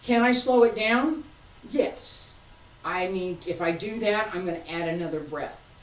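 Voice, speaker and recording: Slow-paced woman teaching qigong, echoey room. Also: lowish voice. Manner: calm, guiding cues paced to breathing. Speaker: qigong instructor. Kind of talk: teaching a movement class. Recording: echoey room, distant mic, faint noise.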